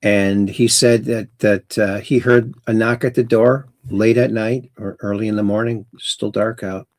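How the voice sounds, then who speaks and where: A man's voice: fairly low pitch, steady tone, unhurried, no room sound, clean studio sound. A man hosting a casual call-in livestream, chatty and rambling as he reads viewer messages aloud. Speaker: host.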